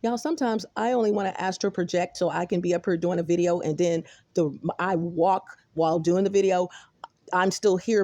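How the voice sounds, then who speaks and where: A woman with a Texan accent rambling excitedly to her viewers in a casual phone vlog, often calling them y'all. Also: lowish voice, no echo. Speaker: vlogger. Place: apartment and stairwell, indoors. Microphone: phone camera held close.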